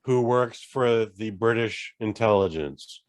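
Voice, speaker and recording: A man's voice: lowish voice, slow pace, clear, resonant tone, no echo. A man in his forties co-hosting a podcast, rambling in casual chat and swearing now and then. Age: 40s. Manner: rambling, swearing, self-interrupting. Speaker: podcast co-host.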